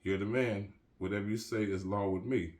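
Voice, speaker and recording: A man voicing a devoted, agreeable young woman in his own low, plain voice. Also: fairly even intonation, normal speed, darkish tone, natural voice.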